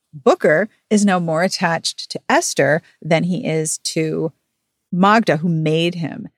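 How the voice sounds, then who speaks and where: A woman's voice: fairly low pitch, slow pace, no room sound. A woman hosting a podcast, frankly and animatedly recapping a novel in casual chat. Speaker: podcast host.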